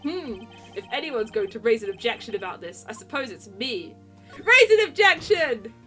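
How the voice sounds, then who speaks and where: A woman's voice: fairly high pitch, expressive, a little fast, soft background music, natural voice. A woman voicing an earnest young male defense lawyer in a video game, speaking emphatically.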